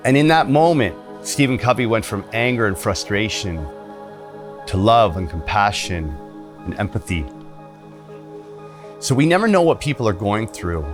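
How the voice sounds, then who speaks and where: A man's voice: on the low side, very animated, moderate pace, pauses often, music in the background. A man leading a retreat, giving an earnest teaching talk and telling stories. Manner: earnest, acts out voices in stories.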